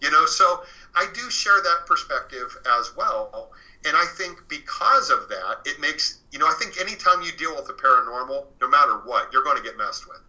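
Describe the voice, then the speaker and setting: Earnest bright-voiced man telling a story. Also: on the high side, lively intonation, moderate pace, low-quality recording. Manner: earnest, many fillers and restarts. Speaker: author and interview guest. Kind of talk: storytelling in an interview.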